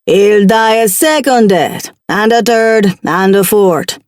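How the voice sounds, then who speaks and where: A woman voicing a towering male scorpion demon with a Jamaican accent, a low, dark voice and a slow, taunting manner, in an audiobook. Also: no echo, close to an everyday voice. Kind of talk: audiobook character voice.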